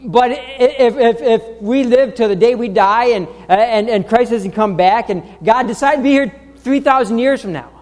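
A male pastor with a high voice preaches in a church, his words ringing with a long hall reverb. He speaks haltingly, restarting phrases and filling gaps with "uh" and "um". He presses his points with growing insistence. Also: a little mellow. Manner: halting, with many restarts and fillers; grows emphatic and insistent. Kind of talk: sermon. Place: church sanctuary.

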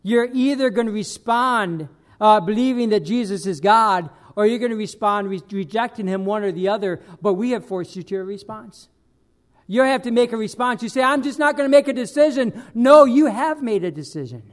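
A man preaching a sermon as pastor, emphatic, swinging between loud bursts and quiet dropped lines. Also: sits high, lively intonation, moderate pace.

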